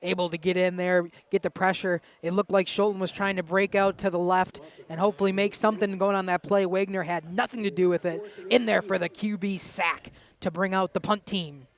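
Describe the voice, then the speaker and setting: A man giving casual color commentary on a high school football game, breaking down each play after the call. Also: a little fast. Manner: relaxed analytical, follows the play-by-play.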